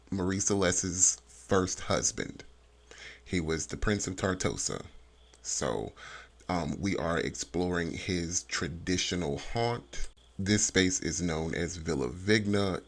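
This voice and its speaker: A man casually narrating his life-sim game story, chatty and joking with slang. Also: sits low. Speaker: gameplay storyteller.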